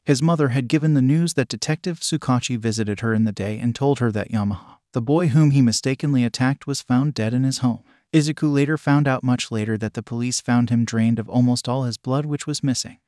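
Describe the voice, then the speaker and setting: A man reading fan fiction aloud in an even, literal narration. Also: medium pitch, brisk, hardly any pauses, no room sound, clean studio sound. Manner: even, literal reading, reads out sound words.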